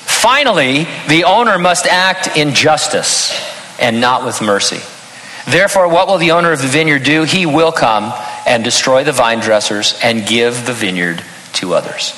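A man's voice: mid-range voice, expressive, normal speed, pushed and bright, echoey room, long reverb tail, slight background noise, low-quality recording. An older man preaching a sermon as pastor, earnest with touches of self-deprecating humor.

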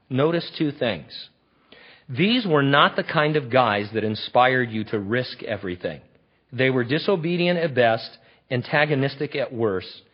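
A man preaching a sermon in an animated, conversational, emphatic way. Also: medium pitch. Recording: dull lo-fi recording.

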